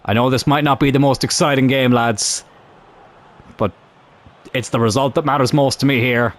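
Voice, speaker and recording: A young man commentating on his own football video game career, calm one moment and shouting the next. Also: medium pitch, moderate pace. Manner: excitable, shouts at big moments. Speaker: gaming YouTuber.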